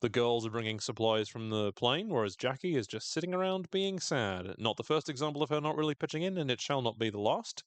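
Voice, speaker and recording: A man's voice: medium pitch, fairly quick, hardly any pauses, clear, resonant tone, no echo. Chatty man recapping with a dry close mic. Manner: animated, jokey, acts out quotes in silly voices. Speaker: podcast co-host. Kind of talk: casual recap chat.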